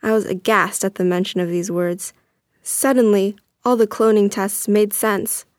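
A young woman reading a first-person story aloud as narrator, earnest and steady. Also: medium pitch, moderate pace, dry recording.

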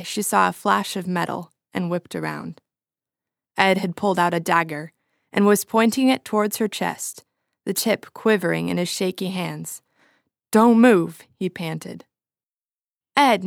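A woman reading a story aloud with expressive, dramatic narration. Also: on the low side, creaky, dry recording, clean studio sound.

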